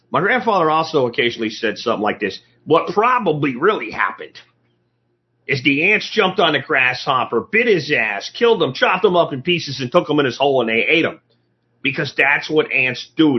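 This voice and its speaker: A man's voice: medium pitch, big pitch swings, normal speed, husky. A man hosting a show, telling a story in a folksy, blunt, salty way. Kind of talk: casual storytelling. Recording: dull lo-fi recording.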